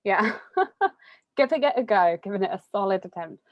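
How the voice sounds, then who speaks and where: A young woman, chatting casually as an interviewee, full of fillers and quick laughs. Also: medium pitch, animated, no room sound, muffled recording. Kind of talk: casual conversation.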